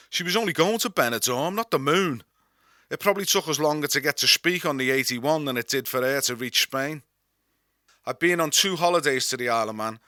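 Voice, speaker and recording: A man's voice: medium pitch, bright, forceful tone, no room sound. A man from Liverpool with a Scouse accent reads his own memoir, telling it with wry, dry humour. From Liverpool, England. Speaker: author and narrator. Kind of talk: memoir reading.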